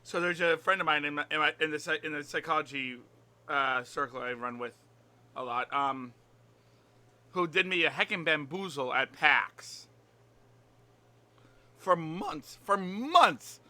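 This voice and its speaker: A man's voice: a little high, steady tone, normal speed, pushed and bright. A man in casual chat at a tabletop game, telling a rambling story with restarts.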